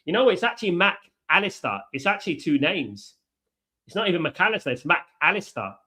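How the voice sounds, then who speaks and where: A man hosting a live football watchalong, chatty, reacting to play and giving shout-outs to viewers. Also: sits high, big pitch swings, a little fast. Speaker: watchalong host.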